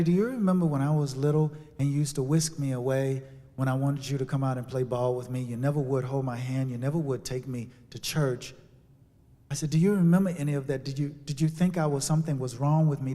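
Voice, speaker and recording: A man telling a personal story as a sermon, with dramatic shifts from hushed to loud. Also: mid-range voice, fairly even intonation, fairly quick. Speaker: speaker. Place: church sanctuary. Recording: long hall reverb.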